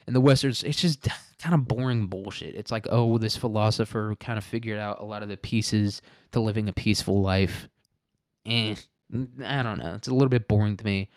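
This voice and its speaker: A man's voice: fairly low pitch, fairly even intonation, brisk, a little mellow, dry recording, studio quality. A man hosting a podcast, talking through his topic in a rambling, joking way and swearing freely. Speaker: podcast host. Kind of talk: casual podcast monologue.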